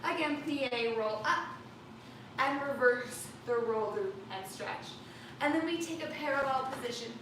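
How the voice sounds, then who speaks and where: A woman's voice: high voice, a little slow, background noise. Woman calling counts in a roomy studio. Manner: calm counting cues. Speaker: ballet teacher. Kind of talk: online dance class instruction. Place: dance studio. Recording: roomy studio with distant mic. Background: loud class music.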